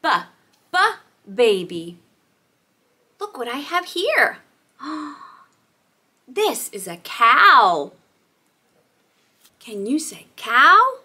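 A woman teaching letter sounds to toddlers, cooing and drawing out each sound. Her voice is high and bright, and her pitch rises and falls a lot. She speaks slowly and clearly, like a preschool teacher. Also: big pitch swings. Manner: sing-song, cooing, exaggerated letter sounds. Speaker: children's teacher and host. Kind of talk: toddler learning video.

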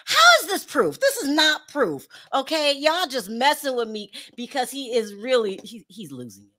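Chatty high-voiced woman gossip host. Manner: chatty and animated, laughs and scolds in drawn-out repeats; reads out viewer comments. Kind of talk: casual gossip commentary.

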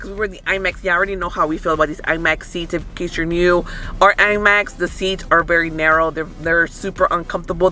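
High-voiced bright man chatting in car. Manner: relaxed, rambling, many fillers. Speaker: movie review vlogger. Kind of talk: casual chat. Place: inside a parked car.

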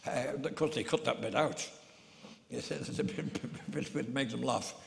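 A man's voice: mid-range voice, unhurried, vocal fry, fairly bright tone, slight background noise. An older man, a comedian, telling rambling comic stories on stage with many stammered restarts. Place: theatre stage. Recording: long hall reverb.

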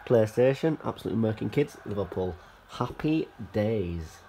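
Here the student vlogger, a young adult with a cold, sounds expressive at a moderate pace, his fairly low voice dark in tone. He chats and rambles to his handheld camera from his bedroom in a student house, swearing freely, with a bit of hiss or hum present.

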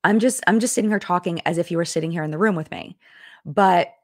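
A young adult woman chats casually on a live stream, rambling and restarting her sentences as she reacts to viewer comments. Her voice sits low for a woman. The sound is close and dry, with no room around it. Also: fast talker, no room sound. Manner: chatty, rambling, lots of fillers and restarts. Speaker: host of a live chat stream.

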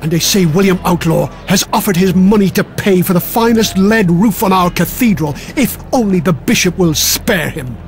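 A man's voice: high-pitched, normal speed, few pauses, faint music behind. A man voicing a blunt, gossiping village man who tells things insistently.

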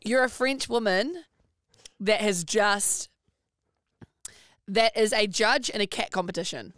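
Smooth teasing Kiwi woman host. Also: mid-range voice, takes it slowly, a bit bright, no echo, clean studio sound. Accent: New Zealand. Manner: teasing, laughs often, prompting. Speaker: radio co-host. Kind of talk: casual radio banter.

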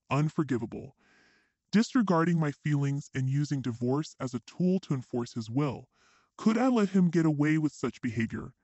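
A man's voice: on the high side, darkish tone, no echo, lo-fi sound. A man reading a dramatic first-person story in an emotional storytelling manner.

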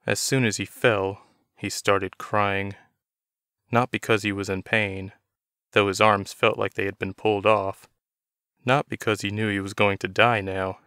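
Male narrator, low smooth voice, dry close mic, measured delivery. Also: a bit bright, no room sound. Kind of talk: scripted narration of a novel.

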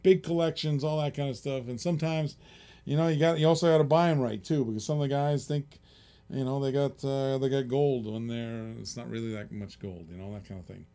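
A man's voice: medium pitch, steady tone, brisk, warm tone. A middle-aged man hosting a live-stream auction in casual, rambling chatter, often chuckling and reading out bids.

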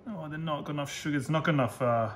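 A man's voice: on the high side, quick pace. A man, a chef giving a chatty, self-deprecating live cooking demonstration from a kitchen. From Australia. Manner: chatty, self-deprecating, laughs at own slips. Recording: roomy echo, faint noise.

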